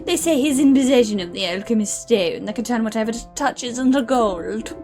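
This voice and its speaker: A woman's voice: a little high, animated, a little fast, a little mellow, soft background music. A woman voicing a greedy, scheming male hawk landlord with a smug, dismissive manner.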